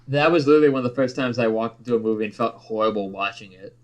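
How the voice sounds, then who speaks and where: A man's voice: mid-range voice, very fast. A young man co-hosting a podcast, chatting casually, joking and swearing a lot. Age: young adult. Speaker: podcast co-host. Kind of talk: casual chat.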